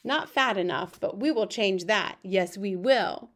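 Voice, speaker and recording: A woman reading the lines of a kindly old male monk, speaking gently. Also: mid-range voice, unhurried, natural voice. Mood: fond. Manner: gentle, cooing with babies.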